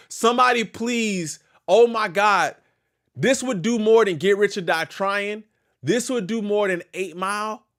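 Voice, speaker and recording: A young man hosting a live reaction stream, talking in a high voice that swings wildly up and down. He speaks casual and slangy, breaking into loud, excited outbursts between quick asides to his chat. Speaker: hip-hop news reaction streamer. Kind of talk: casual live-stream reaction, reading a legal filing aloud.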